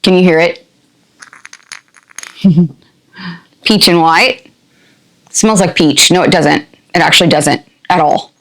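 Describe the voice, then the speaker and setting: An older woman hosting a casual unboxing, chatty and playful with quick asides and a jokey put-on country twang. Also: lowish voice. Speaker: unboxing channel host. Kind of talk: casual product unboxing chat.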